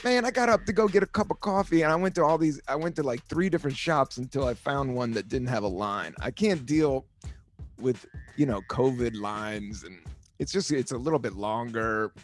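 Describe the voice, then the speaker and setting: Over faint background music, a comedian hosts his own podcast in a mid-range voice at normal speed. His solo monologue is casual and laid-back, rambling between topics and sometimes turning playfully sing-song.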